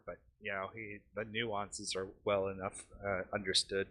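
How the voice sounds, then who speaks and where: A man acting as game master for a tabletop game, talking in a lowish, bright and forceful voice. He explains the scene in a relaxed, rambling way, often pausing with fillers. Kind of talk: casual tabletop narration.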